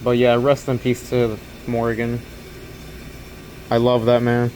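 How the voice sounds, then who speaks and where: A man's voice: mid-range voice, completely flat delivery, slow pace, a little mellow, a little hiss or hum. A young man working an overnight store shift, talking casually to camera in a rambling, earnest way that repeats itself. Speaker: overnight convenience store clerk.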